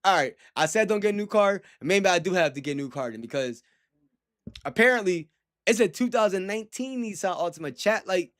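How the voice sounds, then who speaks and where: A young man with a fairly high-pitched voice holds a loose, rambling conversation with his livestream chat. He talks in heavy slang, breaks into laughs often, and jumps from one thought to the next. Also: animated, brisk, fairly bright tone.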